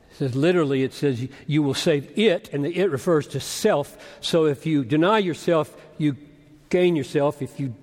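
A man preaching an expository sermon as pastor, arguing point by point and swinging from loud urging to hushed asides. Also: a little high. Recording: long reverb of a large hall.

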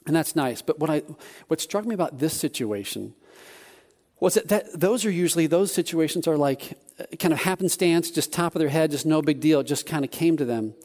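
Animated man preaching a story. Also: fairly high pitch, fairly quick. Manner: animated storytelling with many restarts. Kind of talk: sermon with personal story.

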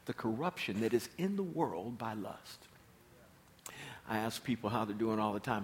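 A man's voice: mid-range voice, lively intonation, normal speed, a little hiss or hum. A man preaching a sermon as pastor, emphatic and repeating his key phrases.

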